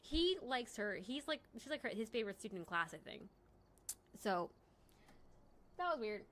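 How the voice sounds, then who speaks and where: A woman's voice: a little high, very animated, normal speed, a bit bright, slight background noise. A young woman hosting a late-night livestream from home, chatting casually and rambling with lots of "like" and "you know". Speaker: livestream host.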